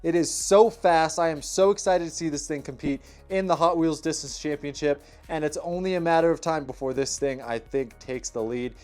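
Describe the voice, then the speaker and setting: A young man with a high, bright-sounding voice calls toy car races play by play, energetic and quick to react. Faint music plays underneath his commentary. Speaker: toy car race host. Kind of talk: race commentary vlog.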